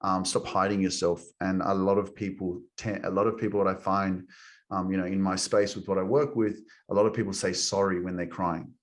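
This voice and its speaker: A man's voice: sits low, level tone, fairly quick. A man hosting a podcast, talking in a reflective, open way with many "um"s and calling his guest "man". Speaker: podcast host. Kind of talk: casual podcast chat.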